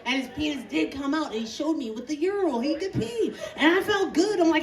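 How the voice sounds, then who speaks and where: A woman's voice: sits high, lively intonation, moderate pace. Woman comedian doing stand-up outdoors. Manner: loud, laughing, acts out voices of old men and patients. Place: outdoor show. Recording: roomy distant outdoor recording, loud crowd and noise. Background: crowd laughter.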